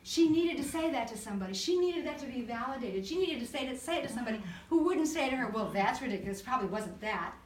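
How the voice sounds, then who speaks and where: A woman counselor talking to a church group, telling stories in an animated way, acting out voices and laughing often. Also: high-pitched, quick pace, few pauses. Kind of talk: church talk to a live group. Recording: echoey room recorded from far off.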